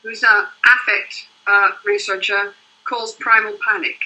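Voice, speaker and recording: A woman's voice: medium pitch, little pitch movement, a little slow, bright, forceful tone, poor audio. An older woman, a couples therapist, explaining her work in earnest, flowing interview answers. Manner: earnest, explains in long flowing runs with "you know" and "right?".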